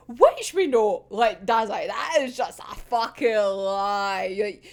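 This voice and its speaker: A Scottish woman giving a casual, animated chapter recap, swearing freely and laughing often. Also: medium pitch, slow pace, few pauses. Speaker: manga reaction host.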